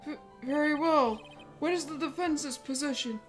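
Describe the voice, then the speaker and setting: A woman's voice: high-pitched, moderate pace, faint music behind, pitched above the performer's own voice, lightly acted. A woman voicing a fussy older male judge in a formal, slightly hesitant way.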